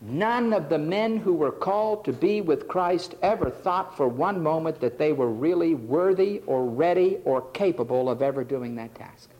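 A man preaches from the pulpit in a notably high voice for a male speaker. He pleads with his listeners with passion. He dramatically acts out the words of the people he quotes. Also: expressive, moderate pace, hardly any pauses, lo-fi sound. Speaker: pastor. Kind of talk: sermon.

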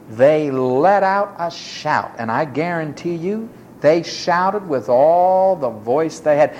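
A preacher delivering a sermon in an emphatic, dramatic way, dropping to low murmurs and rising to high exclamations as she acts out the people in the story. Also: a little mellow, a little hiss or hum.

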